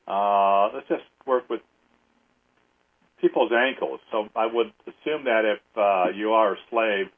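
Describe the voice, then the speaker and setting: Man, low and unhurried, leads a healing session with steady counting over a tinny phone-like line. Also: husky. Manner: slow, steady counting aloud. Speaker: energy healing host. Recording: phone-like narrow audio.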